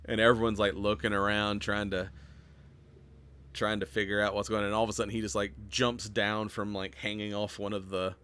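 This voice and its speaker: A man's voice: on the low side, level tone, a little fast, bright, forceful tone, clear, resonant tone. A man hosting a podcast alone, recapping a movie in a casual, rambling way, full of fillers and offhand swearing. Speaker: podcast host.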